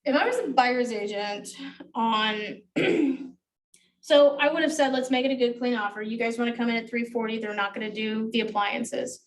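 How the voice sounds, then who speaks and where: In a classroom, a woman with a fairly high voice trains real estate agents in negotiation at a normal speed. She's blunt, swears freely, and acts out dialogue, and her voice is picked up from a distance.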